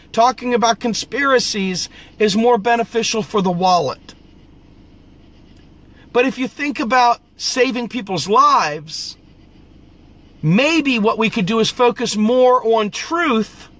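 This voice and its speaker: Guy venting hard, sharp bright voice, cusses a lot, keeps repeating himself. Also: very high voice. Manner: blunt, profane and preachy, repeats phrases for emphasis. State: coughing at times. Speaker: political video host. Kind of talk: impassioned ranting vent session.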